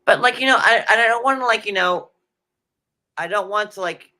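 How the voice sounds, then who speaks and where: A man with a New York accent recaps a show in loose, rambling chat, full of fillers and jokey asides. His voice sits a little high and has a bright, forceful edge. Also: normal speed. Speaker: podcast co-host.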